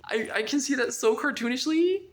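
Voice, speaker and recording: A woman casually reviewing a book, retelling the plot in a rambling, animated way with lots of "like". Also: high-pitched, a little fast.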